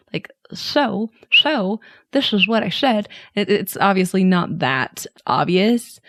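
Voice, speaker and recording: A woman with a Utah accent hosting a podcast in a chatty, self-deprecating way, her voice a little hoarse and raspy. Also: on the low side, a little mellow, no echo, studio quality. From Utah, USA. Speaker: podcast host. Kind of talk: casual podcast chat.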